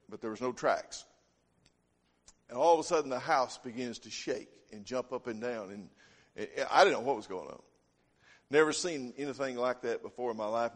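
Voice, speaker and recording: Folksy preacher, echoing hall. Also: male voice, medium pitch. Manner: folksy storytelling, homespun phrasing. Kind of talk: sermon. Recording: long hall reverb.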